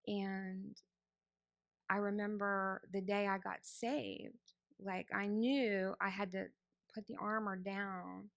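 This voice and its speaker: A woman gives her personal testimony to a church congregation in a mid-range, level, creaky voice, speaking slowly. She's candid and conversational, acting out the thoughts she once had, and the recording has no echo.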